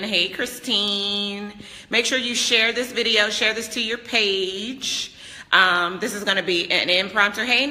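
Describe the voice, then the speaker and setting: A woman's voice: mid-range voice, pushed and bright, big-room sound. A woman business coach talking casually and emphatically into a phone held at arm's length, greeting viewers by name. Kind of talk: casual live-stream talk. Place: vacation house, moving indoors and out.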